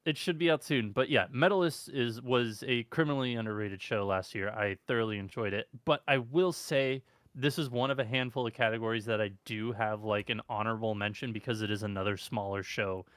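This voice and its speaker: A man's voice: lowish voice, fairly quick, fairly bright tone, no room sound. A man co-hosting a casual anime podcast, talking with enthusiasm and casual swearing. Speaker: podcast co-host. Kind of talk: casual chat.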